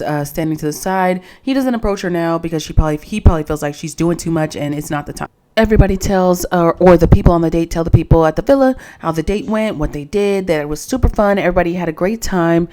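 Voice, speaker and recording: A woman gives a casual recap of a reality dating show, sounding opinionated and often exasperated as she talks straight to her viewers. Her voice sits on the lower side for a woman, with a mellow, soft-edged tone. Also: fast talker, few pauses.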